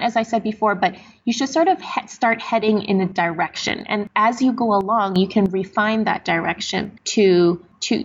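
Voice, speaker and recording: A woman guest on a podcast, a doctor, giving earnest, measured advice. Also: mid-range voice, slightly rough, muffled recording. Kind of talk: podcast interview.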